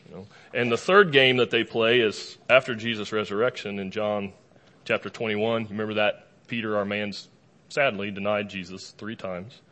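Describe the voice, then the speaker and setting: Conversational, lively male preacher. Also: on the low side, normal speed. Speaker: pastor. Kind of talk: sermon. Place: before a live congregation.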